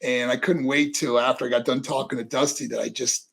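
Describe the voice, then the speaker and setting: A middle-aged man from New York, an interview guest telling lively anecdotes in casual storytelling and acting out other people's voices. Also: medium pitch, a little fast, gravelly. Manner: animated, acts out voices in anecdotes. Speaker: interview guest, former wrestler.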